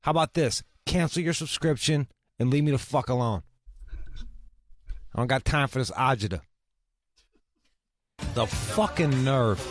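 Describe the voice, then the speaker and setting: Brash male talk radio host, a bit high-pitched, combative and profane. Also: normal speed, a bit bright, soft background music.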